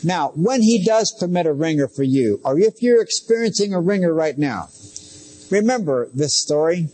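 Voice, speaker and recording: A man's voice: on the high side, lively intonation, normal speed, warm tone. A middle-aged man preaching a sermon as pastor, talking conversationally with asides and direct questions to his listeners.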